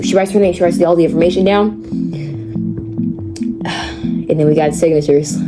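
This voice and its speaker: A teenage girl telling a story on her vlog, dramatic and animated, repeating words for effect. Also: lowish voice, fairly quick. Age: teens. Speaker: vlogger. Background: background music.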